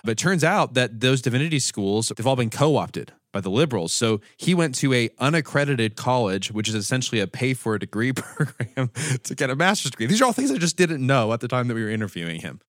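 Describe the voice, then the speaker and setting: A man's voice: mid-range voice, very animated, fast, few pauses, no echo, clean studio sound. A man co-hosting a casual podcast chat, wry and laughing as he talks. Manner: wry, laughs while talking. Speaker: podcast co-host.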